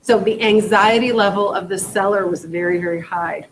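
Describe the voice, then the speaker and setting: A woman teaching a rookie real estate class, lively, acting out conversations with buyers and sellers and quizzing her students. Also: mid-range voice, normal speed, a little hiss or hum, rough recording. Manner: animated, acts out client dialogue, asks the room questions. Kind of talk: classroom training talk. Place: training room.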